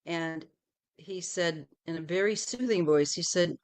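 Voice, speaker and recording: A middle-aged woman hosting a tarot livestream, chatting casually in a rambling way and often trailing off softly. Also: fairly low pitch, unhurried.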